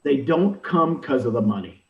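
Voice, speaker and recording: An older man in real estate recruiting who talks in an energetic, emphatic coaching style and acts out quoted dialogue. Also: mid-range voice, normal speed. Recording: roomy, distant, dull audio.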